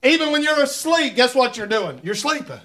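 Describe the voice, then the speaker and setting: A man preaching a sermon in a church, swinging between conversational asides and fervent shouted appeals, often repeating words. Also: very high-pitched, sing-song, moderate pace. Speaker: pastor. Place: church sanctuary.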